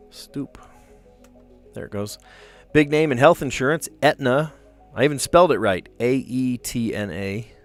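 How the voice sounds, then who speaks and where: Chatty American man, lowish voice. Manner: rambling, chatty, tags "right?". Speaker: puzzle livestream host. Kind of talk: casual chat while solving puzzles.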